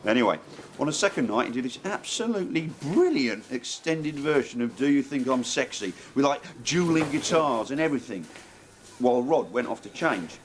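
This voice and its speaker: A man's voice: mid-range voice, lively intonation, normal speed, a little hiss or hum. A man in a sitcom, chatting easily with a friend.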